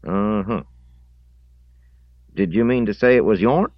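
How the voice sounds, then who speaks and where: A man putting on a slightly drunk Southern countryman who drawls each word slowly. He sounds thoughtful and quietly wry, never in a hurry. The recording is dry and a touch lo-fi. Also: fairly low pitch, no room sound, voice pushed up, close to an everyday voice. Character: slow, contemplative, slightly drunk rural man.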